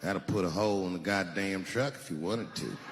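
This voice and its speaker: A man voicing a blunt gun shop clerk who speaks in a slow, matter-of-fact drawl. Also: sits low, big-room sound, very noisy, pitched below the performer's own voice. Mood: deadpan.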